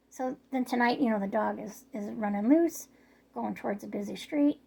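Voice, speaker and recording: A middle-aged woman tells a neighborhood story straight to her camera, her voice slightly hoarse from yelling. She rambles on casually with plenty of filler words, her pitch sitting a little high. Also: normal speed. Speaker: vlogger.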